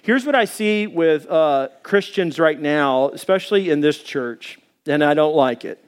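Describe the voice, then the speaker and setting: A man's voice: animated, a little slow, smooth. A middle-aged man preaching a sermon as a pastor, telling stories in a conversational way with many fillers and hesitations. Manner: acts out quoted voices in a higher pitch.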